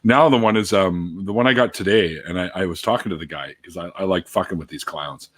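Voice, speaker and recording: A man hosting a casual chat show, talking in a jokey, animated way and swearing freely. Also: low-pitched, brisk. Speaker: podcast host.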